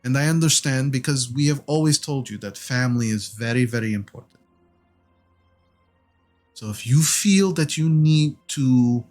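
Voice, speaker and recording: A man voicing a gentle, doting mother in a tabletop game, speaking slowly and softly. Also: mid-range voice, lightly acted. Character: gentle middle-aged mother, doting and warm.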